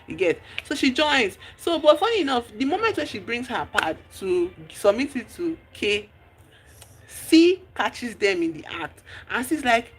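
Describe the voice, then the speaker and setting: A streamer, recapping a movie in casual chat, telling the story with lively exclamations and acting out the characters' lines. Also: mid-range voice, unhurried, a little hiss or hum. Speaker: livestream host.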